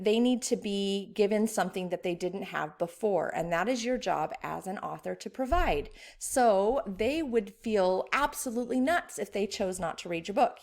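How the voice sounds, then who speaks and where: A woman editor teaching an online writing workshop in a casual, conversational way. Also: mid-range voice.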